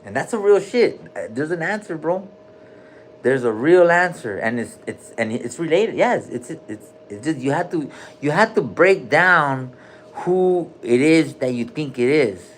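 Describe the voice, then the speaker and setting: A man's voice: on the high side, expressive, a little slow, slight background noise. A man hosting a casual livestream from a hospital room, joking loosely in heavy slang and calling out viewers' names. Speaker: livestream host.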